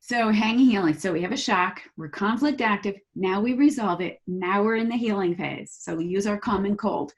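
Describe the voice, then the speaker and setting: A woman guest in an interview, explaining her views in a lively way and acting out the voices people use in their heads. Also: mid-range voice, moderate pace, hardly any pauses. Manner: animated, acts out inner voices while explaining. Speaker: guest, holistic practitioner.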